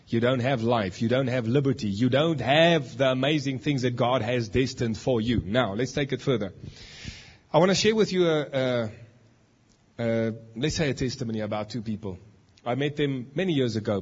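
Joking preacher, husky voice. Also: male voice, medium pitch, highs cut off. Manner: joking, teasing the congregation. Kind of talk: lively sermon with audience demonstration. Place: church hall.

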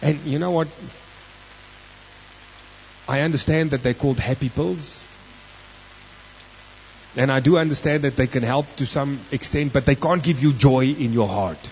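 South African preacher, mid-pitched, conversational storyteller who stretches key words for weight. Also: male voice, moderate pace, long pauses, a little mellow, a little hiss or hum, poor audio. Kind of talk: sermon with personal storytelling.

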